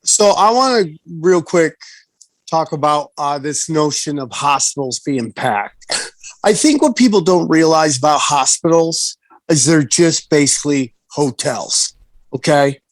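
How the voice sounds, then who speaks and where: A man's voice: fairly high pitch, expressive, measured pace, no echo. A man hosting a podcast, agreeable and laid-back in casual chat.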